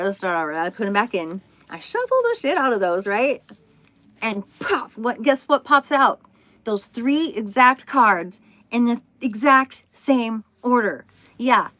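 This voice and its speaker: Fifties lady livestreaming about the universe, super chatty, laughs a lot, dry sound no room echo. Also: medium pitch. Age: 50s. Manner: chatty, animated storytelling with laughs and swearing. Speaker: spiritual livestream host. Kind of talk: casual livestream chat. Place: indoors at home, in an RV.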